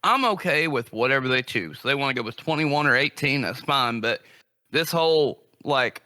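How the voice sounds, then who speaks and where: A man's voice: mid-range voice, expressive, normal speed, sharp tone. A man co-hosting a casual podcast, ranting in an exasperated way. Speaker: podcast co-host.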